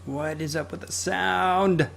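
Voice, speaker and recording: Gravelly man hosting a gaming podcast. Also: on the high side, steady tone, takes it slowly, a crowd in the background. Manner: chatty, fiddles with audio settings while talking. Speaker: podcast host. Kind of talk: casual gaming podcast chat.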